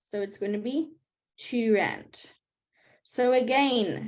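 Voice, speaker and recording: A woman's voice: on the high side, slow pace, long pauses, a little mellow. A woman teaching a live online maths class, explaining patiently step by step and checking in with her students. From South Africa.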